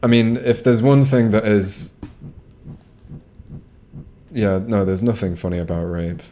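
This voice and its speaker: Low-voiced rambling gamer. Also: male voice, fairly even intonation, unhurried, mellow, a little hiss or hum. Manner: rambling, profane, frequent restarts. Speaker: gamer streaming a playthrough. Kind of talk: casual gameplay commentary. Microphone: home streaming microphone.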